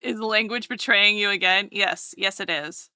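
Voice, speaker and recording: A woman's voice: medium pitch, normal speed, pushed and bright, clear, resonant tone, no echo, studio quality. A woman streamer chatting casually with her live chat while drawing, playful and teasing, often repeating words.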